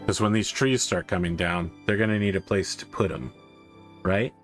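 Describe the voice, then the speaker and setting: A man with a fairly low voice talks through a city-building game in a relaxed, chatty way, reasoning out loud as he plays. His voice climbs when an idea excites him. Faint music plays underneath. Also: normal speed. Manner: chatty, thinking aloud, rising when excited. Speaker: gaming streamer. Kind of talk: casual gameplay commentary.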